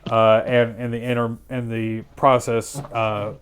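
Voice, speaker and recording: Man, casual chat, sarcastic, rambling retelling, average-pitched voice. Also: little pitch movement, clean tone. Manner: sarcastic, rambling plot retelling with quick quoted asides. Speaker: streamer host.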